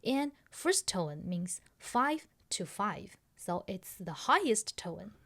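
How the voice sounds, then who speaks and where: A woman's voice: mid-range voice, very animated, slow pace, a bit bright. A woman hosting a podcast pronunciation lesson, explaining patiently step by step and checking that listeners follow. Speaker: language teacher and podcast host.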